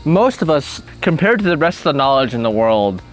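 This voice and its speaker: A man's voice: on the high side, big pitch swings, brisk, soft background music. A man hosting a casual chat, thinking aloud, often laughing, with restarts as he answers questions. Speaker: channel host answering questions.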